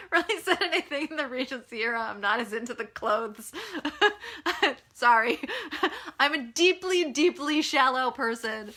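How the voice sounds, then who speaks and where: A chatty American woman author answers reader questions in a loose live Q&A. Her voice sits a little high and sounds bright and forceful, and she stays frank and self-deprecating throughout. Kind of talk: casual live Q&A chat. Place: at home in California.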